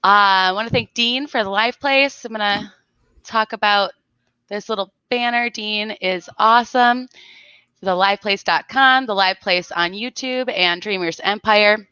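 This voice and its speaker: A woman's voice: medium pitch, unhurried, bright, forceful tone, clear, resonant tone, no room sound, muffled recording. A woman from South Florida hosting a casual livestream and greeting her viewers by name. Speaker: livestream host.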